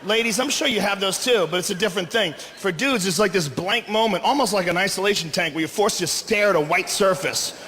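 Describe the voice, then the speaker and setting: Loud, profane, high-pitched male comic on stage. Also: brisk. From Boston. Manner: loud, profane, acts out characters mid-bit. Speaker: stand-up comedian. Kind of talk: stand-up comedy set. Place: comedy venue on stage. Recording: live comedy club recording with reverb, audience noise.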